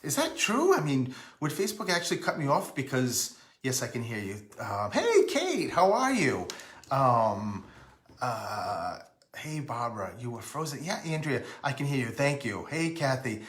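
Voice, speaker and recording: A man's voice: medium pitch, wildly swooping pitch, a little slow, echoey room. Rambling man hosting a live stream. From Rhode Island. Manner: rambling, greets viewers by name mid-sentence. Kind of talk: casual live stream chat.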